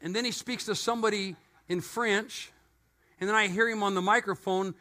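A middle-aged male pastor preaching a sermon in a church, telling stories with animated energy and joking asides. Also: high voice, moderate pace.

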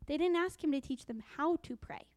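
Woman giving a sermon, high warm voice, dry close sound, reads scripture slow and deliberate. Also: expressive, dry recording. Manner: dramatic hushed whispers for emphasis. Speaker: preacher.

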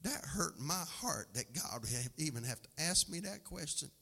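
A man preaching a sermon as pastor, alternating a shouting, sing-song cadence with plain storytelling. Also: on the high side, animated, normal speed, gravelly, breathy edge. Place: church sanctuary. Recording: long hall reverb from a live church service.

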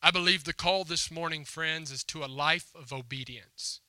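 Bright-voiced male pastor telling a story. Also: on the high side, normal speed, no room sound. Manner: storytelling with acted quotes, emphatic and conversational. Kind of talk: sermon. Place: church hall before a congregation.

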